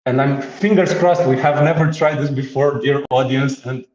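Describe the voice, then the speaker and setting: A man walks through a software demo in easy conversation, joking and laughing as he goes. He stumbles and restarts often. The audio is roomy and slightly muffled. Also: medium pitch, moderate pace. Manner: playful, laughs often, many filler restarts. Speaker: guest demonstrating software. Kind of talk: casual tech demo chat.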